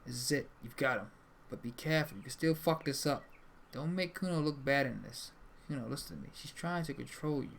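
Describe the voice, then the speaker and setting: A young man streams a game, swearing casually as he reads the dialogue aloud. His voice has a gravelly edge. Faint noise hums under the mic. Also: medium pitch, a little fast, fairly bright tone. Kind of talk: live gameplay commentary, reading dialogue aloud.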